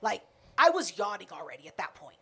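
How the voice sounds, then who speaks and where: A woman's voice: mid-range voice, very animated, a little fast, gravelly, bright, forceful tone, husky. A woman co-hosting a podcast, retelling a night out in a casual, profane chat full of quoted back-and-forth. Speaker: podcast co-host.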